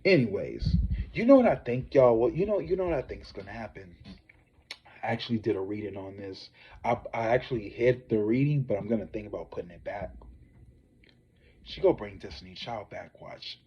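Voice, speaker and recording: Profane, animated male gossip streamer. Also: fairly low pitch, a little fast, breathy edge, highs cut off. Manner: profane, animated, talks straight to viewers. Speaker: psychic tarot reader and gossip host. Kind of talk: casual celebrity gossip livestream.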